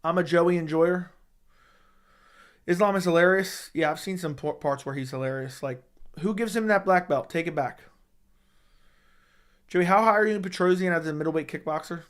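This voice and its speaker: A young man hosting a casual livestream, reading viewer comments in a laid-back, low-key way and swearing casually. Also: moderate pace, pauses often, clean tone. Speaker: livestream host reading chat.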